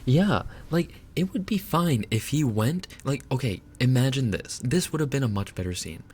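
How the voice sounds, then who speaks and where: A man's voice: mid-range voice, animated, normal speed, a little mellow, slight background noise. A man streaming live, ranting casually and with exasperation, swearing and laughing as he goes. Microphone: binaural dummy-head mic.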